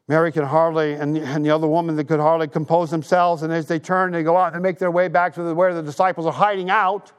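Man, 60s, pastor, sermon, emphatic storytelling, earnest appeals, slightly high pitch. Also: level tone, quick pace, few pauses, clean tone.

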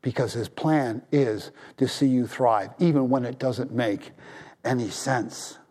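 A man preaching a sermon as pastor, swinging from raised appeals down to hushed, low tones for emphasis. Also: unhurried.

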